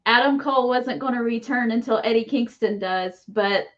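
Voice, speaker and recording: A woman co-hosting a casual wrestling chat, easygoing and quick to laugh. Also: on the high side, muffled recording. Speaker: co-host.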